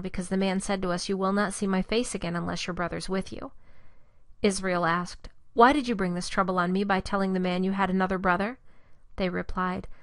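A woman's voice: mid-range voice, dry recording. Woman reading scripture, dry close sound. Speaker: scripture reader.

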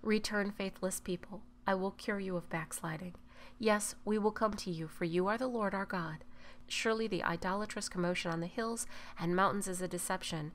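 A woman giving a measured, unhurried scripture reading. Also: mid-range voice, a little hiss or hum. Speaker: scripture reader.

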